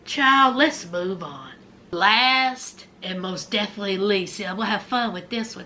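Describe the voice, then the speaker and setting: A woman's voice: medium pitch, takes it slowly, bright, forceful tone, slight background noise. A woman giving a casual, sassy recap commentary, dramatically acting out what people said. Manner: sassy, dramatic, acts out quotes.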